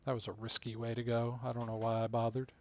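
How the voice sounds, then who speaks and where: A man's voice: medium pitch, completely flat delivery, fast, a little mellow, highs cut off. A man talking casually to himself while playing a video game, laid-back and muttering. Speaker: game streamer. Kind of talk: casual gameplay commentary.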